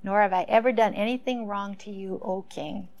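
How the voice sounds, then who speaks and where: A woman voicing an elderly male prophet calling up from a lions' pit in a small, thin, calm voice as she retells a Bible story. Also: medium pitch, normal speed, creaky, close to an everyday voice. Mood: reverent.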